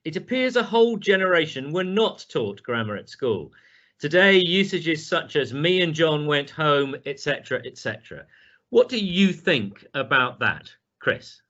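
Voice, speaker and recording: A man moderating a question session, reading out audience questions in a brisk way. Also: a little high, sing-song, sharp tone. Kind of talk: hosting a Q&A. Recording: dull lo-fi livestream audio.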